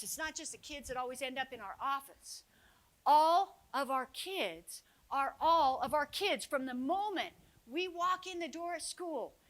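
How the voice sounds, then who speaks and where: A woman speaks on a conference stage into a stage mic, delivering a motivational keynote to teachers. Her voice sits high and sounds bright and sharp. She tells her stories expressively, dropping to a hush and then building to loud, rallying calls. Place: conference stage before an audience.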